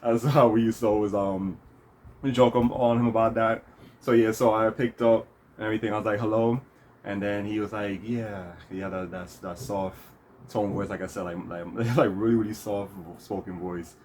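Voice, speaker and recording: A man's voice: on the low side, steady tone, normal speed, darkish tone, slight background noise. A man hosting his own vlog, telling a story in a rambling casual way with lots of fillers and restarts. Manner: rambling, many fillers and restarts, laughs often. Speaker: vlog host.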